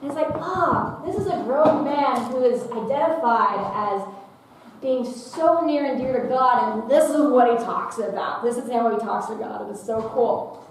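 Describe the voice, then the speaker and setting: High-voiced playful woman in echoing hall. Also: normal speed, far from the mic. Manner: playful, humorous, reads quotes with dramatic flair. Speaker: workshop speaker. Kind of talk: youth workshop talk. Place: large echoing meeting room. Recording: very echoey hall, off-mic, faint hiss.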